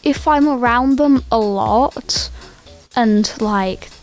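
A woman's voice: a little high, slow pace, darkish tone, faint music behind. A young woman chatting on a student radio show, hesitant and full of fillers. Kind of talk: casual radio chat.

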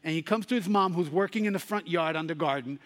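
A man's voice: on the high side, fast, fairly bright tone, big-room sound. A man preaching a sermon, telling a story and rising to emphatic Bible readings.

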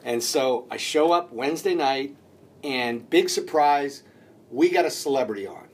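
A stand-up comedian telling animated anecdotes in casual conversation and acting out the quotes. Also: male voice, medium pitch, measured pace, husky. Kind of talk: casual storytelling.

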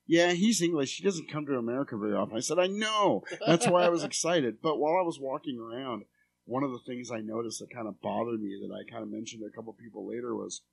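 Gravelly man telling a story. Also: mid-range voice. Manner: swearing, animated storyteller. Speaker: podcast co-host. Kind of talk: casual chat, storytelling.

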